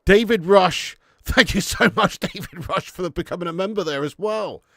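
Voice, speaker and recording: A fan commentator, fired up and foul-mouthed as he calls a football match live and talks straight to his viewers. His voice sits a touch high, recorded close and dry with no room sound. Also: normal speed, vocal fry, no room sound. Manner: excitable, swears freely, chats to viewers. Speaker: fan watch-along commentator.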